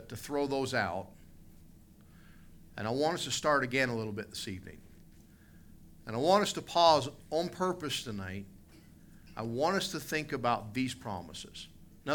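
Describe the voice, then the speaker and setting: A middle-aged Southern US pastor preaching with a very bright, forceful voice that sits a little high for a man. He spins humorous stories and then climbs into emphatic preaching. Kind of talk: sermon.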